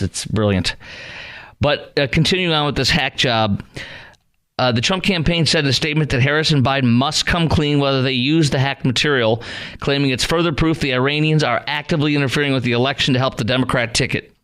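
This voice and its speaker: A male talk radio host with a smooth, resonant voice at a middle pitch. He talks into a studio microphone in a sarcastic, rambling way and keeps restarting his sentences. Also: fairly bright tone.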